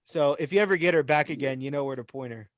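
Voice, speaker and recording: Young male co-host, higher voice, dry close sound; animated storyteller who laughs a lot. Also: fast talker, no room sound. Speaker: podcast co-host. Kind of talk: casual chat.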